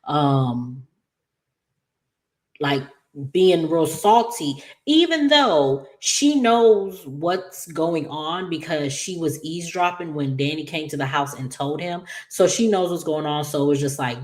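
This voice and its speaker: A woman with a low, deep speaking voice hosts a casual recap of a soap episode. She talks in a chatty, animated way and acts out the characters' lines with playful asides. She laughs often as she goes. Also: measured pace. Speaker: soap opera recap host.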